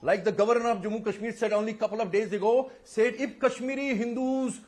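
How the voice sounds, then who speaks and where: A man's voice: high-pitched, fairly even intonation, quick pace, a little mellow. A man arguing hard on a TV news panel, impassioned and pleading. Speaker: debate panelist. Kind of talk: heated TV panel debate.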